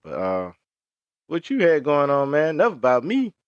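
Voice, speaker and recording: A young adult man co-hosting a podcast in casual chat, telling stories, often laughing and jumping up high to quote other people. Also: moderate pace, clear, resonant tone, no room sound, highs cut off. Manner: animated storyteller, acts out high-pitched quotes, laughs often. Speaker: podcast co-host.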